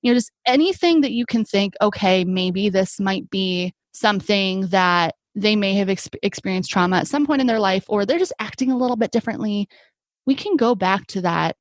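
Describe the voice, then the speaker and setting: A young adult woman who works as an occupational therapist tells stories in a conversational podcast interview, sounding earnest and reflective and using many fillers. Her mid-range voice is expressive, her speed normal, and there's no echo.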